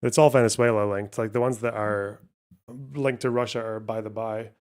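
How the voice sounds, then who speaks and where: A man's voice: on the low side, fairly even intonation, normal speed, darkish tone. A man hosting a live stream, commenting on news in a casual, profane, sardonic way and thinking aloud. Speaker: streamer host.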